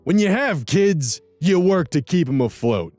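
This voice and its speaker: A man voicing a pushy, nosy middle-aged uncle in a funny put-on accent, pitched well above his own voice. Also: very animated, takes it slowly, no room sound, soft background music.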